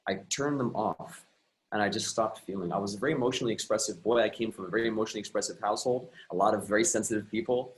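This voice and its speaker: A medium-pitched man, heard on a rough recording, is a guest coach for emotions and relationships. He recounts a personal story in an earnest, reflective way, often breaking off to restart his sentences.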